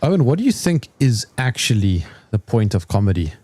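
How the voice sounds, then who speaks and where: A man's voice: medium pitch, sing-song, fairly quick, mellow, breathy edge. A man hosting an interview, asking short questions and giving brief reactions. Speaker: interviewer host.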